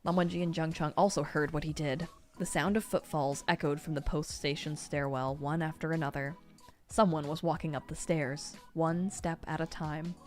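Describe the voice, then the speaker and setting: A woman reading a novel aloud on a stream, expressive and sometimes laughing. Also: deep voice, normal speed. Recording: faint music behind.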